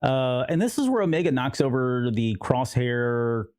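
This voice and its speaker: A man's voice: mid-range voice, very animated, unhurried, darkish tone, clear, resonant tone, no room sound, clean studio sound. A man co-hosting a podcast, rambling casually and often quoting characters in little voices. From United States. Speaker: podcast co-host. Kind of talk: casual chat.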